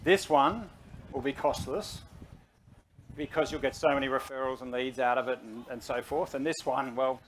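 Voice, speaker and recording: A man's voice: medium pitch, normal speed, slight background noise. A middle-aged man, a CEO guest making his case energetically in an on-stage interview. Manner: energetic, persuasive, talks to the audience directly.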